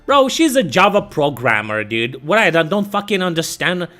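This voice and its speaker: A man's voice: on the high side, big pitch swings, moderate pace, bright, forceful tone. A young man streaming, telling a story in casual chat with a profane, exasperated, ranting manner.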